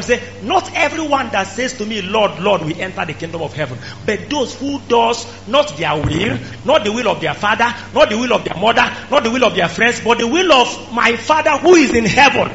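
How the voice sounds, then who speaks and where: A male preacher, delivering an emphatic sermon that rises to shouts. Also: high voice, big pitch swings, brisk. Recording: dull lo-fi recording with faint hum.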